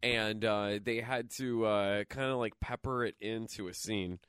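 A man's voice: lowish voice, fairly even intonation, measured pace, fairly bright tone, clean tone, no room sound, studio quality. A man co-hosting a podcast, recapping a film in crude, joking banter, full of swearing and fillers. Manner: profane, laughing, joking, trailing off with fillers. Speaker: podcast co-host.

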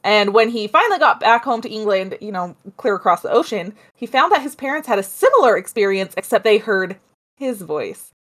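A woman's voice: medium pitch, fairly quick. Chatty woman telling a spooky story. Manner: chatty, animated, with asides and laughs. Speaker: podcast co-host telling a story. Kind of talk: casual storytelling chat.

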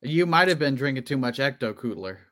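A man's voice: medium pitch, lively intonation, fairly quick, a bit bright. A man co-hosting a casual podcast, joking along in an easygoing way. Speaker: podcast co-host.

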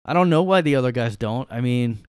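A man's voice: medium pitch, animated, brisk, a little mellow, smooth, no room sound, clean studio sound. A man hosting a casual solo podcast from his room, ranting sarcastically and rambling through his opinions. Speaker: podcast host.

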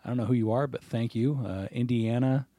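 A man's voice: medium pitch, fairly quick, dark tone, dry recording, studio quality. A man co-hosting a podcast in casual chat, swearing freely and laughing easily. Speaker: podcast co-host.

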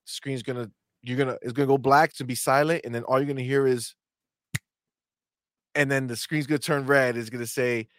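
A man's voice: medium pitch, steady tone, fairly quick, no room sound, clean studio sound. A man co-hosting a podcast, chatting casually and joking, reading out live chat, slipping into silly voices. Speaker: podcast co-host.

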